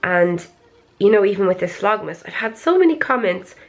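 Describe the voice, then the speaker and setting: A woman talks casually to her camera at home late at night. She is chatty and confiding and drifts into rambling asides. Her pitch sits in an ordinary middle range. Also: very animated, normal speed. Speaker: vlogger.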